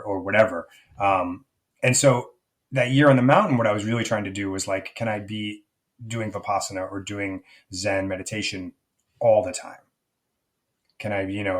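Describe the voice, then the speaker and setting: A middle-aged man speaking as a life coach guest in an interview, thoughtful and searching, often restarting his sentences. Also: fairly low pitch. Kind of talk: reflective conversational interview.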